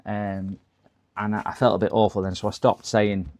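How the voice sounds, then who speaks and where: A middle-aged man with a slightly low voice talks casually to his live viewers. He rambles from one thought to the next and tends to work himself up into exasperated complaints. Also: level tone, moderate pace, darkish tone. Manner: rambling, chatty, given to exasperated rants. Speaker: livestream host. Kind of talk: casual live stream chat.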